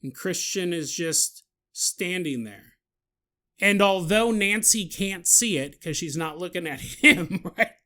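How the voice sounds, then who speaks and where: A man's voice: sits high, expressive, slow, bright, forceful tone. A man hosting a podcast, telling a story in a comedic, jokey way and laughing at his own asides. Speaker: podcast host.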